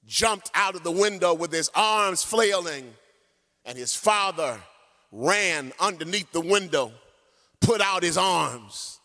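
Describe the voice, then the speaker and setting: A male pastor preaches with a high, bright voice that swoops up and down, drawing his phrases out slowly. Now and then he sings a line. Long church-hall reverb hangs after each phrase. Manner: animated storytelling preacher, sings some phrases. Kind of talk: sermon.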